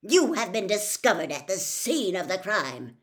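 A woman's voice: medium pitch, sing-song, measured pace. A woman voicing a cold, curt older male official who snaps accusations. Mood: shouting. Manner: snapping, accusing.

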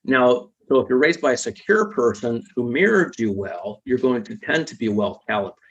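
A man with a husky, breathy voice explains psychology concepts patiently as an interview guest. He keeps checking in with little tag questions. The recording sounds dull and lo-fi. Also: medium pitch, lively intonation, moderate pace.

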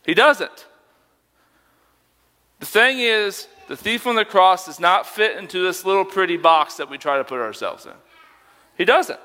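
A man's voice: high-pitched, expressive, unhurried, pauses often, pushed and bright, in a large hall. A young man preaching a sermon as a youth pastor, conversational and emphatic, asking rhetorical questions.

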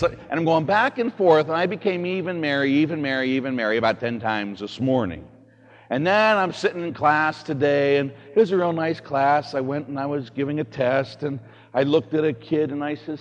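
A man, a priest, giving a homily, telling stories with big swings between hushed, quiet lines and loud shouting. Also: fairly high pitch, moderate pace. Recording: long hall reverb.

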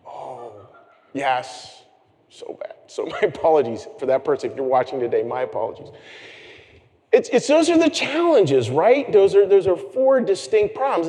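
A male pastor delivering a relaxed, conversational sermon in a church sanctuary, his slightly high voice trailing off into a long hall reverb. He talks with animation and drops in self-deprecating asides.

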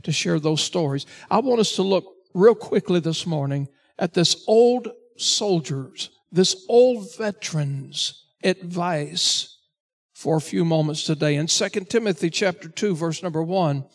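High-voiced preaching pastor. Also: male voice, lively intonation, measured pace. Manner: earnest, exhorting, repeats "listen" to the congregation. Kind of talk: sermon.

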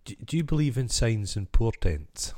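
A man's voice: medium pitch, very animated, moderate pace, mellow, dry recording, clean studio sound. A man co-hosting a podcast, chatting casually and cutting in with wry, teasing questions. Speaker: podcast co-host. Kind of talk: casual chat.

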